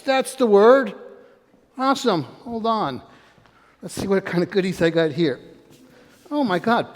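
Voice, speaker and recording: An older man giving an energetic live motivational talk, quizzing and calling out to his audience in a room. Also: high-pitched. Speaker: motivational speaker. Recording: long hall reverb.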